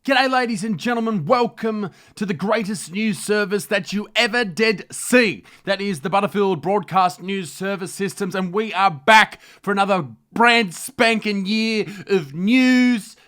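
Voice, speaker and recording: Brash, bright-voiced Australian man ranting. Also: high voice, measured pace, few pauses. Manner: loud, brash and crude ranting. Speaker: comedy vlog host. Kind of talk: mock news comedy rant.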